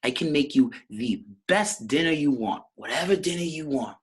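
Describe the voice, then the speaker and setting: Brief: a man putting on a fussy doting mom, high and husky, coaxing her son into a deal. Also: expressive, moderate pace. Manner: coaxing, bargaining.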